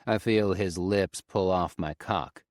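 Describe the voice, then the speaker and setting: Deep-voiced male audiobook narrator. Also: slow pace, darkish tone, dry recording, clean studio sound. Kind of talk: first-person audiobook narration.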